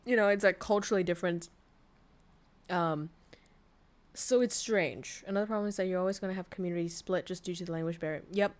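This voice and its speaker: A young woman from Vietnam, a VTuber streamer chatting casually on a livestream, frank and quick to swear and laugh. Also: fairly low pitch. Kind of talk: casual livestream chat reading posts.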